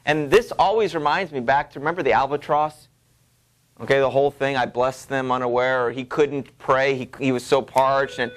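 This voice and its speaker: A man teaching a classroom literature lecture, explaining casually with lots of ums and you knows. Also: mid-range voice. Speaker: high school literature teacher.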